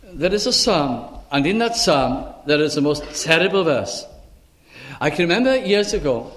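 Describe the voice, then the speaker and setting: Earnest, higher-voiced male preacher. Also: very animated, normal speed, a bit bright. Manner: earnest, pleading, with repeated rhetorical questions; quotes old-style scripture wording. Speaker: minister. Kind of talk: sermon.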